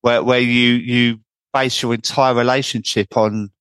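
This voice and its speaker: A man's voice: mid-range voice, flat delivery, unhurried, a bit bright, smooth, dry recording. A man hosting a podcast interview who talks in an affirming, chatty way, often restarting and adding tag questions. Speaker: podcast host and sobriety coach. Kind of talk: conversational interview.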